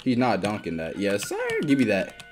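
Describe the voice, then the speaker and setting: A young man giving casual gameplay commentary, excitable and swearing often as he trash-talks teammates and opponents. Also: fairly low pitch, moderate pace. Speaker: gaming YouTuber. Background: background music.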